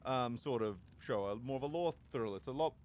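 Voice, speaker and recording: A man's voice: mid-range voice, animated, brisk, darkish tone. A man talking casually on a live stream, rambling and joking crudely, with many fillers and restarts.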